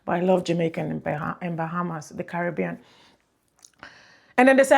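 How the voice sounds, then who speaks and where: A woman's voice: lowish voice, fairly quick, gravelly, pauses often. A woman in her thirties with a Nigerian accent, chatting casually to viewers on her vlog through a plug-in mic, rambling and repeating herself. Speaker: vlogger. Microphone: plug-in mic on phone.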